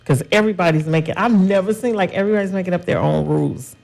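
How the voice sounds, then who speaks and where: A woman's voice: on the low side, fast, creaky, a little mellow. A woman co-hosting a casual chat show, earnest and a bit preachy. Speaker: co-host.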